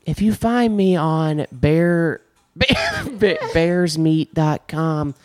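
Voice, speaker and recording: A man doing a crude parody impression of a lewd, bumbling middle-aged male prosecutor, speaking slowly and drawing out his words. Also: fairly high pitch, darkish tone, no room sound. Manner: slow, drawn-out, crude parody delivery.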